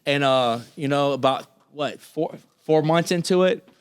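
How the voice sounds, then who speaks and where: A man's voice: a little high, a little slow, clear, resonant tone, no echo, studio quality. A man from Florida, a singer guesting on a podcast, talking in a casual, profane, rambling way full of restarts. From Florida, USA. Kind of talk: casual interview chat.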